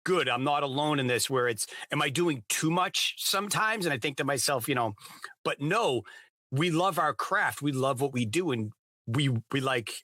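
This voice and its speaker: Bright-voiced enthusiastic male podcast host. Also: a little high, animated, normal speed, no echo, clean studio sound. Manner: enthusiastic, gushing. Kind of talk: casual interview chat.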